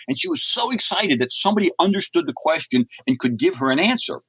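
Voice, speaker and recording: He's a fast talker with few pauses: a middle-aged man from the US whose medium-pitched voice has lively intonation, a fairly bright tone and a breathy edge. As a comics writer guesting on an interview, he tells rambling, chatty stories full of restarts, with no echo on the recording.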